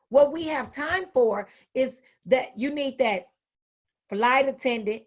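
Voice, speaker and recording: A woman in her fifties, a retired school administrator, giving an animated, folksy talk to educators. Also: sits high, moderate pace. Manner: animated, folksy, acts out quoted voices. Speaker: educational speaker. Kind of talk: motivational talk.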